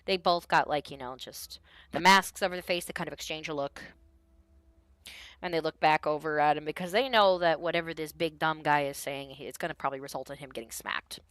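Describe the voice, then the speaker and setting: A woman's voice: on the low side, fairly bright tone, no room sound. A woman narrating a tabletop game as game master in a casual, rambling way. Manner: casual, lots of fillers.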